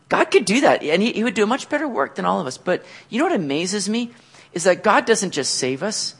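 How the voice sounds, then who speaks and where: Male pastor, sermon delivery, bright high register, swings up and down constantly. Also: fairly quick, creaky, husky. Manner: animated preaching with shouted acted-out quotes.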